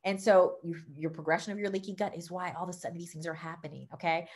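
A Southern-accented woman from Louisiana who gives an excitable, chatty talk about wellness products, peppering it with y'all and okay. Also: fairly low pitch, quick pace, few pauses. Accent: Southern American. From Louisiana, United States. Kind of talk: casual product talk to camera.

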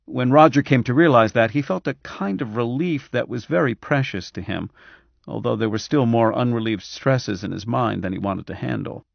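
A man narrating an audiobook, reading in a measured, even way. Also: medium pitch, vocal fry, no room sound, dull audio. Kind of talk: scripted narration.

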